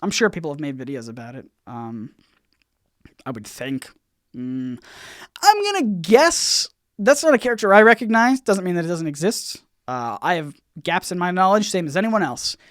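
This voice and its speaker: A man hosting a casual livestream Q&A, rambling and halting, full of fillers and restarts, with his volume bouncing up and down. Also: high voice, expressive, dry recording, studio quality. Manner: swings in loudness, bouncy. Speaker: YouTube channel host.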